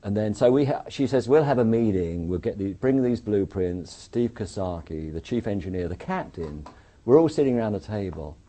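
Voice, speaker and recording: An English man with a deep, mellow voice tells his story in a casual interview. He moves between plain retelling and lively bits where he acts out what others said. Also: normal speed. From England. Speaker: interview guest, architect.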